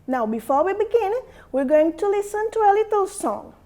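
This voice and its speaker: A woman teaching an English vocabulary lesson to young students, explaining slowly and asking them questions. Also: very high-pitched, big pitch swings, a little mellow. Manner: slow, explaining, asks questions to the class. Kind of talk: classroom lesson addressed to students.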